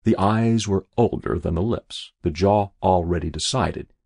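Gravelly deep-voiced male storyteller. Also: no room sound, clean studio sound. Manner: measured, expressive storytelling. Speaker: narrator. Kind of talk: scripted story narration.

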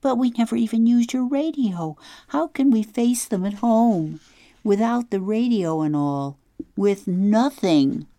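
A woman's voice: fairly high pitch, animated, measured pace, warm tone, no room sound, pitched above the performer's own voice. A woman voicing a dramatic young girl runaway who is fussy about grammar, speaking in an earnest, whiny way. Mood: upset.

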